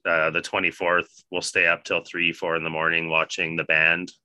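A man casually telling a profane, animated party story with bursts of laughter. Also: low voice, moderate pace, clear, resonant tone, no echo.

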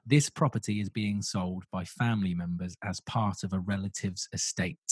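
Husky low-voiced man on a podcast. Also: fairly even intonation, moderate pace, no room sound. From southern England. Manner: playful, teasing, chuckles often. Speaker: podcast co-host. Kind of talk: casual podcast chat.

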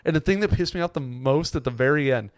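A young man co-hosting a casual podcast chat, telling stories with lively impressions of the people in them. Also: mid-range voice, fast talker, background noise. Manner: animated storyteller acting out quoted people. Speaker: podcast co-host.

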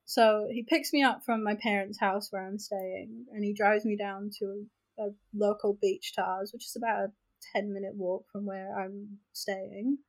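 A woman with a New Zealand accent, a podcast co-host telling a story in casual chat, frank and animated, swearing freely and saying "like" a lot. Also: medium pitch, low-quality recording.

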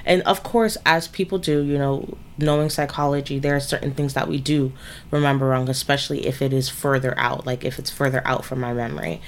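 A woman's voice: very deep voice, fairly even intonation, fairly quick, slight background noise. A woman co-hosting a podcast, telling a personal story in casual chat, rambling with many fillers. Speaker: podcast co-host.

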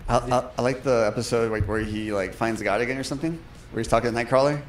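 Tipsy podcast dude, rambly, swears a lot, regular mid voice. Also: male voice, medium pitch, fairly even intonation, fast talker, a little hiss or hum. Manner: rambling, lots of filler words and swearing. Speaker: podcast co-host. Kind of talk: casual chat.

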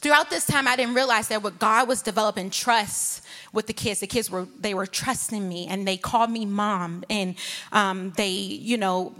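A woman sharing a personal faith testimony in church, telling her story in a lively way and acting out her conversations with God. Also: medium pitch, normal speed. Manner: lively storytelling, acts out her own inner dialogue with God. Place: church sanctuary. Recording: long reverb of a large hall.

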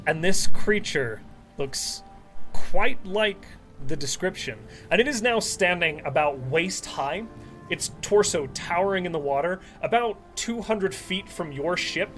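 Male game master, high and animated, vivid scene narration. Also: unhurried, faint music behind. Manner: vivid descriptive narration with lively pitch.

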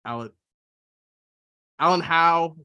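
A man's voice: on the high side, takes it slowly, pushed and bright, clear, resonant tone, dry recording. A man co-hosting a podcast in casual chat, restarting his words often and exclaiming easily. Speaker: podcast co-host.

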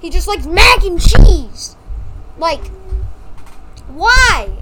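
A very high-pitched young woman chats on a homemade podcast. She tells stories bluntly, with plenty of slang and exasperation. A steady hiss of noise sits under her voice. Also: drawn-out words. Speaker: podcast co-host. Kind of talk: casual chat. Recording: noisy home recording.

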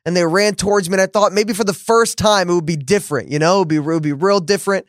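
A fast-talking man with a high-pitched voice hosts a podcast, captured in a dry, clean studio recording. Casual and affirming, he peppers the chat with mm-hmms and tells his guest a story.

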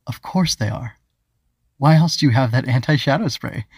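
A man voicing a tiny, fussy magical bug from a storybook, formal and proper, pitched a touch above a plain man's voice, dry close sound. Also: normal speed, husky, dry recording. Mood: prim. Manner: formal and proper, calls others dear. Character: small prim fussy glowing male bug creature.

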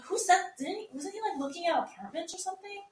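A young woman co-hosting a casual podcast chat, teasing and animated as she tells stories. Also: extremely high pitch, fast talker, echoey room, far from the mic, a little hiss or hum. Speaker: podcast co-host.

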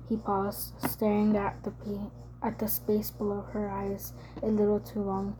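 A woman reading a novel aloud, softly, with frequent slips and self-corrections. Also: mid-range voice, completely flat delivery, a little slow, slight background noise, rough recording. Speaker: reader.

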